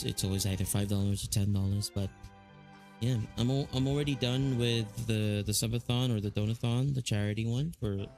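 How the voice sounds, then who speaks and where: A man's voice: fairly low pitch, creaky, darkish tone. A man with a Filipino accent chatting casually on a live stream, rambling with lots of fillers and restarts.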